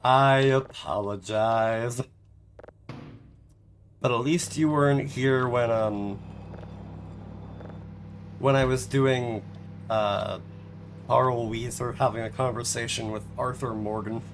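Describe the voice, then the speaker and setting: A man's voice: mid-range voice, steady tone, takes it slowly, long pauses, slight background noise. A man streaming a game live, chatting casually in a rambling, self-mocking way and laughing often.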